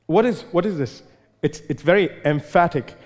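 Male preacher, emphatic and repetitive for stress, slightly high voice, long hall reverb. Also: moderate pace. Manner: emphatic, repeats words for stress. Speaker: pastor. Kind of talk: sermon.

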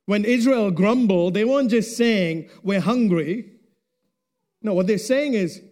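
Man, preacher, sermon, high voice, slow delivery, phrases trailing off quietly. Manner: slow and deliberate, dropping to a hush at phrase ends.

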